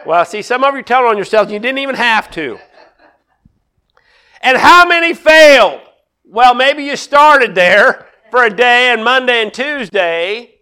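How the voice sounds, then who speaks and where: A middle-aged man preaching a sermon in a strikingly high, bright voice. His tone is smooth and clear, and he acts out quoted lines, swinging from loud bursts down to quiet prayer. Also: animated, a little slow. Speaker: pastor.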